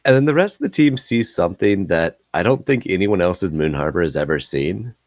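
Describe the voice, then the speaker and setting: Very deep, calm male game master; dry narration. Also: fairly quick, dry recording.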